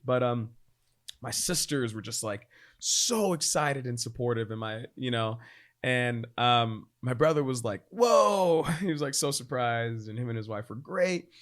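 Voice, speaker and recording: A man in his thirties, a podcast guest, telling a personal story in a casual, animated way, acting out quoted voices and laughing often. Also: moderate pace. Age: 30s. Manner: animated, acts out quoted voices with big pitch jumps; laughs often, frequent fillers like "like".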